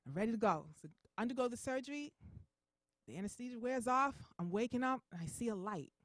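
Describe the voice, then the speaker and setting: A woman comedian doing animated stand-up storytelling on a stage mic. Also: fairly high pitch, quick pace, no echo.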